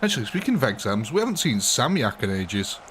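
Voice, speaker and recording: A man's voice: mid-range voice, sing-song, quick pace, fairly bright tone, a little hiss or hum. A man livestreaming a game, chatting casually and rambling to his viewers, greeting them by name and laughing often. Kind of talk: casual live gameplay chat with viewers.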